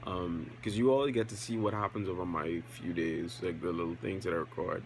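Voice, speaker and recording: A young man talks to his camera in a low, easygoing voice, rambling and self-aware with plenty of ums. A faint hum of room noise sits under his voice. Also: fairly quick, rough recording. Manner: relaxed, rambling, self-aware, with many fillers. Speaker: vlogger. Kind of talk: casual vlog talk to camera.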